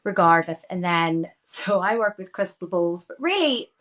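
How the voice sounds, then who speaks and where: A woman's voice: lowish voice, lively intonation, moderate pace, fairly bright tone. A woman in her forties with a Northern Irish accent, a guest actress talking earnestly and emphatically in a casual interview. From Northern Ireland.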